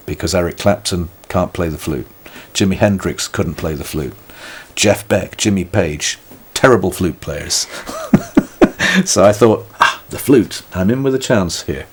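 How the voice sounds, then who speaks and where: At a normal speed and with slight background noise, an older British man speaks in a low voice. He's a musician giving a reflective, conversational interview, thoughtful and wryly self-mocking, often restarting sentences.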